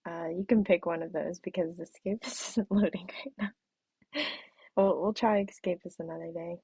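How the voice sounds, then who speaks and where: A woman's voice: lowish voice, fairly even intonation, moderate pace, gravelly, mellow, slightly rough, no echo. A young woman chatting casually on her live stream, giggly, with a throat that feels off and the odd whispered aside. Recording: dull, muffled stream audio.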